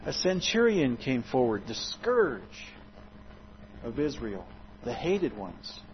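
Guy preaching, big swings loud to quiet, kinda muffled recording. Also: takes it slowly, slight background noise. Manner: expressive, dramatic swings in loudness and pitch. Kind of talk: sermon.

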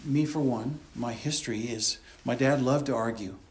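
A man's voice: mid-range voice, moderate pace. A man preaching a conversational expository sermon in a church, explaining and repeating his points as he goes. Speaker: pastor.

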